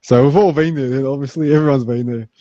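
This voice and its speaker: A laid-back Australian man hosting a casual podcast chat, tossing in "man" and playing out customers' lines. His voice sits mellow and dark, and the recording is dry and a little muffled. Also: mid-range voice, fast, no room sound. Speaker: podcast host.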